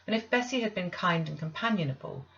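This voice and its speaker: A woman's voice: on the low side, lively intonation, fairly bright tone, slight background noise. Woman reading a classic novel aloud, lo-fi. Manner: measured, deliberate reading with pauses. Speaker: audiobook reader.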